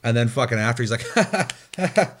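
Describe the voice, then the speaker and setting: A man in casual chat about a video game, telling animated stories with laughter, swearing and mimicked sounds. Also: on the low side, quick pace, a little hiss or hum.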